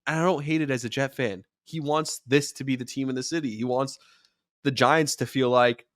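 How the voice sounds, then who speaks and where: A man hosting a show, talking sports in a casual, animated way and rising to near-shouts when he acts out quotes. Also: medium pitch, moderate pace, no echo, studio quality. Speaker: podcast host and sports radio commentator.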